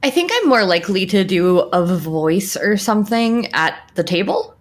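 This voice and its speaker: A woman from the American South chatting casually as a podcast co-host, strident and loud, with many restarts. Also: mid-range voice, moderate pace. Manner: animated, many restarts and repeated words. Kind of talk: casual chat.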